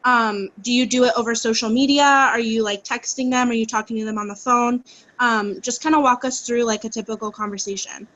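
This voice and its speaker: A woman's voice: a little high, steady tone, a little fast, fairly bright tone, dull audio. A woman leading a casual team training call, chatty and full of "like" and "um" fillers, speaking over a video call. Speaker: call co-host leading the session.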